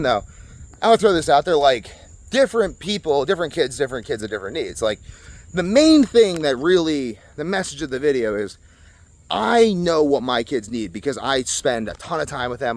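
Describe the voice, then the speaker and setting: Young male vlogger, outdoors; blunt, sarcastic, very lively pitch. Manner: blunt, animated ranting with sarcastic asides. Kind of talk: casual monologue to camera. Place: outdoors at a resort.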